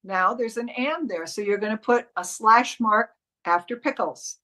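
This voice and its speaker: A woman's voice: fairly high pitch, lively intonation, moderate pace, sharp tone, low-quality recording. A woman coach teaching a live online class, walking students step by step through marking up a commercial script, with frequent restarts.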